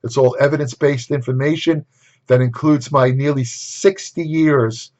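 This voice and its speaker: A man's voice: mid-range voice, fairly even intonation, normal speed, darkish tone. An older man talks straight to the camera in a casual lecture, blunt and opinionated, often sliding into exasperated asides. His voice sits in an ordinary middle register, and the recording is dull and lo-fi. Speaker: nutrition writer and host.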